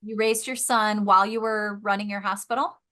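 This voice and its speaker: A woman's voice: medium pitch, fairly even intonation, brisk. A woman hosting a podcast interview, giving short encouraging replies and asking questions casually. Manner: short encouraging responses, warm laughs. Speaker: podcast host.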